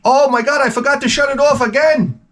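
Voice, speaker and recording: A man putting on the voice of a frantic, forgetful Italian warehouse manager, with high flustered exclamations. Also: brisk, fairly bright tone.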